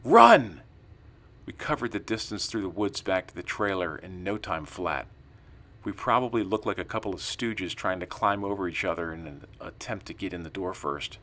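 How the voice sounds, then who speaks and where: Male narrator, low-pitched, calm scripted storytelling with acted-out dialogue. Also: normal speed. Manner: calm storytelling, acts out quoted lines.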